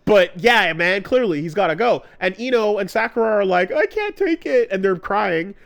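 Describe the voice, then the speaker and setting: A man's voice: sits high, normal speed, vocal fry, a bit bright. A man co-hosting a casual podcast, retelling a story with acted-out character voices and lots of swearing. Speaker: podcast co-host.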